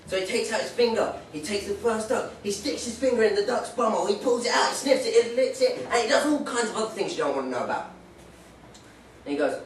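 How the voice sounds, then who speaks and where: A man's voice: high voice, expressive, fast talker, slight background noise. Young male stand-up, rambling and playful; mic at a distance in a pub. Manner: rambling, joking, playful put-on voices. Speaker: stand-up comedian. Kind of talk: stand-up comedy set. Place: pub stage. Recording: echoey pub from far off.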